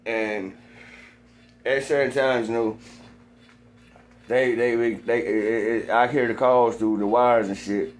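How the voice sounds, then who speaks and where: A man in a rambling monologue, swearing constantly and repeating himself, sometimes getting heated and loud. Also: mid-range voice, fairly even intonation, slow, long pauses, a little hiss or hum. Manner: gets heated and loud at times.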